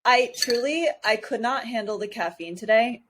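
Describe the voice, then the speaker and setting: A woman's voice: on the high side, moderate pace, slight background noise. A woman co-hosting a podcast from Hawaii in a casual chat, bubbly and giggly with frequent exclamations. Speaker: podcast co-host.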